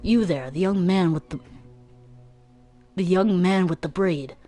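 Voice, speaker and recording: A woman's voice: on the low side, measured pace, dark tone, soft background music, natural voice. A woman voicing a small, overly polite mouse who begs pleadingly while secretly scheming.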